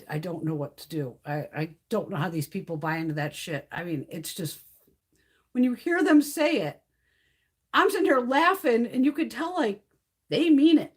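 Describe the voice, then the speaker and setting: A middle-aged woman hosting a beauty livestream chats casually while reading live comments, ranting bluntly with lots of swearing and laughter. Her voice sits on the high side with a breathy edge.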